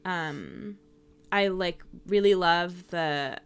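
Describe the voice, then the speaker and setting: A woman co-hosting a podcast, talking casually and a little haltingly about song lyrics. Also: on the low side, smooth. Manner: hesitant, many "um" fillers. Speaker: podcast co-host.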